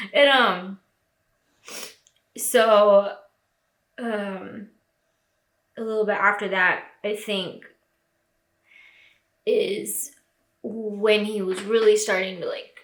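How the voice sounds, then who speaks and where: A young woman records a tearful personal vlog and keeps reaching for "like" between phrases. Her voice sits a little high and sounds bright and forceful. It carries the echo of a hard-walled room. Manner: tearful, lots of "like" fillers. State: crying. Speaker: vlogger. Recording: echoey room.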